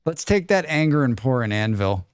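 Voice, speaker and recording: A man's voice: medium pitch, sing-song, moderate pace, smooth, no room sound, clean studio sound. A man streaming a survival game live, talking to himself in a casual, joking, grumbling way as he plays. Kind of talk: casual live gameplay commentary.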